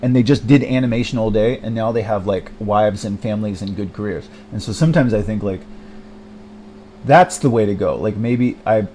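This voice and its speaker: A man's voice: fairly low pitch, normal speed, warm tone, slight background noise. Hesitant young man rambling alone. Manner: hesitant, many fillers and restarts, self-deprecating, swears often. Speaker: vlogger. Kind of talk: rambling personal monologue.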